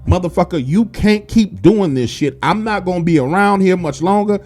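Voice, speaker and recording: A man's voice: high-pitched, moderate pace, a little mellow, faint music behind, pitched above the performer's own voice. A man voicing an angry middle-aged police officer nearing retirement who scolds in profane outbursts.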